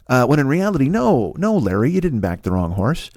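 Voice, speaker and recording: A man's voice: medium pitch, very animated, a little fast, few pauses, a little mellow, no room sound, studio quality. Profane rambling male comedian. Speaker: stand-up comedian. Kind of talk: comedy monologue.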